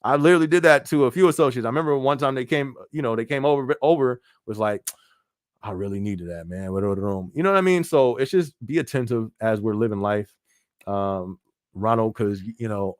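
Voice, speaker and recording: A man's voice: mid-range voice, fairly quick, dry recording, studio quality. Laid-back man hosting a live chat. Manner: relaxed, laughs often, reads viewer comments aloud. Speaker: podcast host. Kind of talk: casual live-stream chat.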